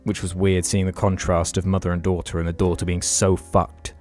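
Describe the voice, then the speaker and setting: Low-voiced sweary British podcast man. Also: level tone, brisk, a little mellow, faint music behind. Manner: frank, sweary, meandering with restarts. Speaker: podcast co-host. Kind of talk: casual chat, storytelling.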